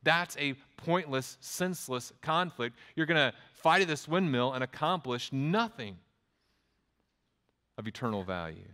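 A man with a Texas accent, preaching a sermon in a relaxed, conversational way, with frequent restarts and quoted asides. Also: mid-range voice, measured pace. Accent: Texan. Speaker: pastor. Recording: long hall reverb.

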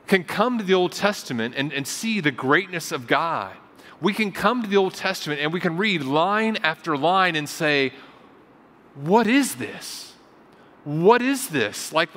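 A man's voice: on the high side, bright, forceful tone. A male pastor preaching a sermon in a conversational storytelling way, often repeating phrases for emphasis, in a church sanctuary. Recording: long hall reverb.

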